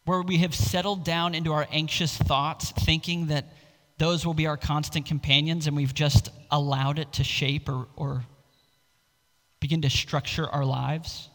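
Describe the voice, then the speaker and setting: A man preaching a sermon as pastor, earnest and expressive, stressing scripture lines with feeling. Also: on the high side, unhurried, in a large hall, poor audio.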